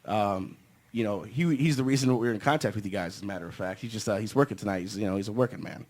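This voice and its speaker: A man's voice: lowish voice, quick pace. A man in a band, talking casually as a podcast guest in a rambling, joking way with many fillers. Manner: rambling, joking, heavy with fillers like "you know". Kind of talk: casual podcast interview chat.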